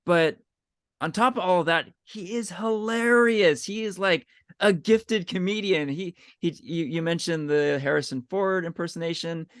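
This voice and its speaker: A man's voice: high voice, moderate pace, a bit bright, clear, resonant tone, no room sound, studio quality. A man co-hosting a podcast, talking eagerly in casual chat and often asking "right?". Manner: enthusiastic, chatty, often asks "right?". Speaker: podcast co-host.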